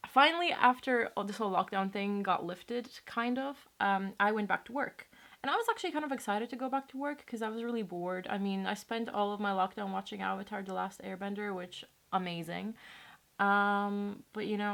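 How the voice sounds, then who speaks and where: A woman's voice: medium pitch, gravelly, fairly bright tone. A young woman from Latvia telling a personal story to her camera in a rambling, casual way, swearing often. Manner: chatty, rambling, swears casually, many fillers. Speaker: vlogger.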